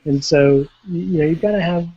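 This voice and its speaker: A man with a fairly high voice speaks as a panelist, stammering and restarting his sentences. The audio is muffled and lo-fi, like a remote call. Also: a little fast, dark tone, husky, no echo. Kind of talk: casual panel discussion.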